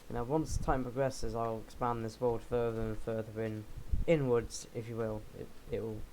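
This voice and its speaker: A young man plays a game while rambling and joking, frequently making fun of himself in casual commentary. His voice is mid-range and mellow, captured on poor audio with a bit of background noise.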